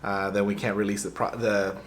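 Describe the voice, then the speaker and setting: A young man vlogging, retelling a frustrating errand in a rambling, animated way with lots of fillers and restarts. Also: lowish voice, brisk. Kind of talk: casual storytelling to camera.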